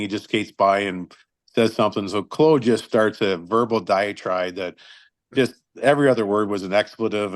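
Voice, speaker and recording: A middle-aged man, a retired hockey linesman, telling lively, salty anecdotes in a casual chat. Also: on the low side, no room sound. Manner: lively storyteller, salty language, chuckles through stories.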